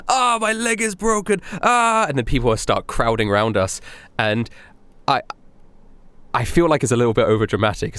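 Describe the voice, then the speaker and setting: Co-hosting a casual podcast, a young man from Europe rambles through travel stories in a medium-pitched voice, laughing and performing other people's lines. The recording is dry.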